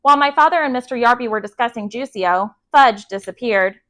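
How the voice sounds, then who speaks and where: A woman storyteller reading a children's chapter book aloud at bedtime, steady and gentle. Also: fairly high pitch, brisk.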